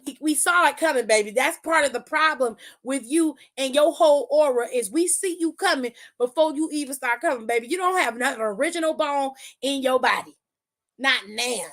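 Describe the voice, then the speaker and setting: A woman's voice: high voice, a bit bright. A woman giving a rowdy, profane comedic recap of a wrestling show, laughing often and telling it with lots of animation.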